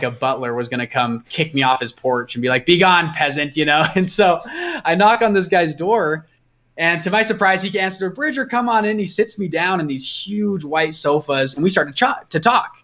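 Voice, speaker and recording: A young man, a guest entrepreneur, telling a personal story in a casual, animated way, acting out the dialogue as he goes. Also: on the high side, fairly quick, lo-fi sound.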